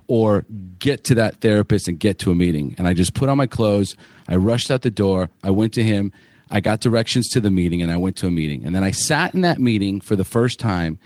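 A man's voice: lowish voice, darkish tone, no echo, studio quality. Blunt, plain-spoken male podcast host. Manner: candid and blunt, swears freely, many restarts. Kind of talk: personal recovery story on a panel podcast.

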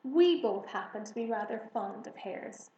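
A woman's voice: medium pitch, expressive, normal speed, mellow, roomy sound, dull audio, slight background noise, close to an everyday voice. A woman reading as a kindly, sensible village woman.

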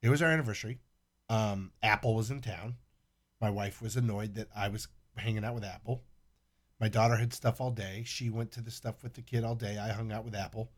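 A man's voice: on the low side, fairly even intonation, brisk. Profane storytelling man. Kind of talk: casual chat.

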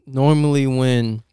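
Young male guest, smooth resonant voice, animated storyteller, dry close sound. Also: mid-range voice, no room sound. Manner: animated, laughing, many fillers and restarts. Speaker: guest, dental assistant. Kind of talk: casual storytelling interview.

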